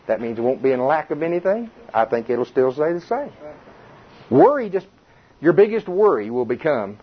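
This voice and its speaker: A man's voice: mid-range voice, expressive, normal speed, husky, lo-fi sound. A man preaching an informal sermon, conversational and quizzing the congregation. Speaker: pastor.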